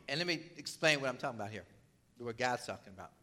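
A man preaching a sermon who reads scripture aloud and explains it, pausing often to cough and clear a tickle in his throat. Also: mid-range voice, big pitch swings, bright, forceful tone. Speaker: pastor.

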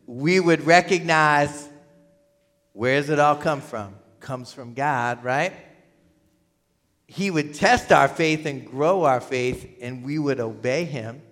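A man preaching a sermon as pastor, animated, swinging from emphatic peaks to quiet asides. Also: a little high, takes it slowly. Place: church hall. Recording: hall reverb.

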